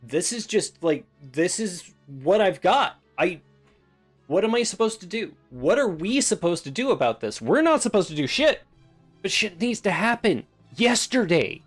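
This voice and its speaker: Male streamer, lively pitch and excitable, curses a lot, faint background music. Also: moderate pace. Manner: swearing, excitable, swings from loud outbursts to low mutters. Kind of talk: reaction stream.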